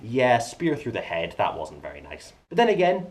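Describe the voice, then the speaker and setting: A man hosting his own TV review vlog, talking enthusiastically and jokily, switching between hushed asides and excited outbursts. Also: mid-range voice, normal speed. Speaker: TV review vlogger. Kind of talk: animated solo review vlog.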